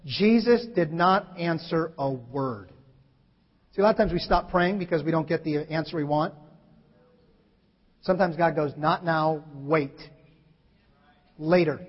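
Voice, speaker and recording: High-voiced preacher man in a big hall. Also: normal speed, long pauses. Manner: animated, acts out scripture quotes with sudden loud shifts. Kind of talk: sermon. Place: church hall. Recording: muffled hall recording.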